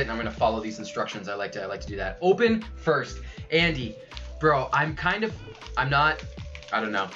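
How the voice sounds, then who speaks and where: A young man livestreaming a card unboxing, excitable and loud, saying yo over and over and laughing as he goes. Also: mid-range voice, dull audio. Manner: hyped, keeps saying yo, yells and laughs. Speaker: streamer unboxing trading cards. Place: his room at home.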